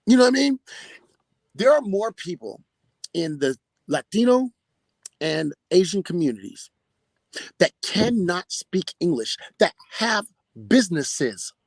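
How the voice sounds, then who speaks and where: A man's voice: high-pitched, sing-song, unhurried, long pauses, no echo. A man hosting a podcast, giving casual commentary in an emphatic, profanity-laced rant. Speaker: podcast host.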